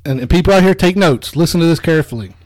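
Animated storytelling man, fairly high voice. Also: rapid-fire, no room sound. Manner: animated storyteller, swears, quotes others. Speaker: podcast co-host. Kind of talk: casual comedic chat.

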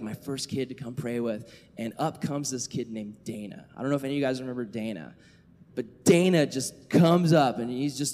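A young man preaching to a youth group, telling a story with animated delivery and casual filler words. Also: a little high. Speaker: youth pastor. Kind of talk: sermon to youth. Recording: echoey hall reverb.

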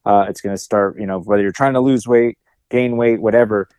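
Mellow-voiced man musing on a podcast. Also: on the low side, steady tone, a little fast, clear, resonant tone, dry recording. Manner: rambling, reflective, many fillers. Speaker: podcast co-host. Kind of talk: casual podcast chat.

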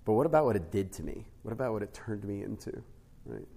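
A middle-aged man, a podcast guest, teaching on spiritual life through a family story, with an animated storytelling manner that often checks in with "right?". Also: lowish voice, fast, vocal fry, husky. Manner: animated storyteller, rises to emphatic peaks, frequent "right?" tags.

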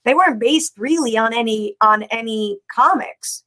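A woman co-hosting a casual chat, talking in a rambling, animated way with many fillers. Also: on the high side, normal speed. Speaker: podcast co-host.

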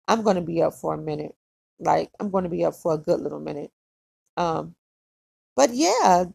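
Lady podcaster just chatting away, super creaky voice, dead dry sound. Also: medium pitch, a little mellow, no echo. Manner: chatty, repetitive, lots of "like". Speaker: podcast host. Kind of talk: casual solo podcast chat.

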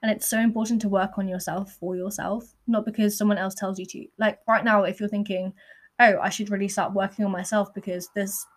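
A woman's voice: mid-range voice, level tone, a little fast. A young woman hosts her podcast in a candid, earnest personal monologue, peppered with "like.". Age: young adult. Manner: candid and earnest, with frequent fillers like "like". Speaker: podcast host.

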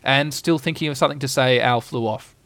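Gravelly man narrating a storybook, dry and close. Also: medium pitch, brisk, a bit bright, no echo. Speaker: audiobook reader.

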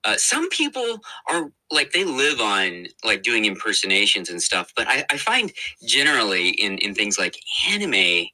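Bright, animated male voice actor. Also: fairly low pitch, normal speed, hardly any pauses, rough recording. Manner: animated, laughs often, many fillers and restarts. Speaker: voice actor guest. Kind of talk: casual interview chat.

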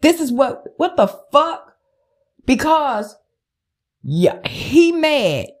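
A woman's voice: high-pitched, very animated, drawn-out words. A woman podcast host, ranting in a heated, profane, emphatic way. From United States. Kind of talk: angry political rant.

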